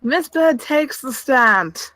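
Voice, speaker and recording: A woman runs a tabletop game as game master, narrating in a casual, chatty manner. Her voice sits a little high and moves slowly. The sound is dry and close. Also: lively intonation, bright, forceful tone, dry recording.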